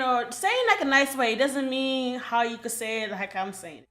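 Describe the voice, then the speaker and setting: A young woman with a high voice tears into her subject in a casual commentary rant. She is blunt and profane, and she circles back to the same points again and again. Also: lively intonation, moderate pace, few pauses, a bit bright. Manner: blunt, repetitive, profane scolding. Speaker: commentary creator.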